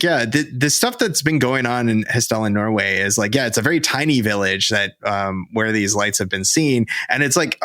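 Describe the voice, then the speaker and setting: A man's voice: mid-range voice, sharp tone, no echo, studio quality. A man co-hosting a podcast, explaining a case in casual, rambling talk full of fillers. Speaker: podcast co-host. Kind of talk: casual chat.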